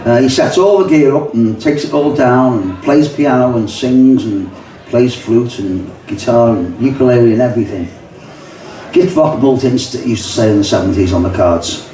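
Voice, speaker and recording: A man's voice: medium pitch, normal speed, mellow. An older man with a Liverpool accent, reciting rhyming poems at a live pub reading with chatty asides. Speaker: poet and songwriter. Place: pub function room, live audience. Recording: echoey pub, mic far off.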